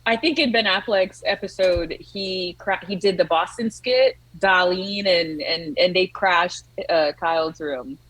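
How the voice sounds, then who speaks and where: A woman's voice: fairly low pitch, measured pace, hardly any pauses, a bit bright, dry recording, poor audio. A woman guest, a digital creator, chatting eagerly on a video call. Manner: enthusiastic, chatty. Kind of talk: casual chat.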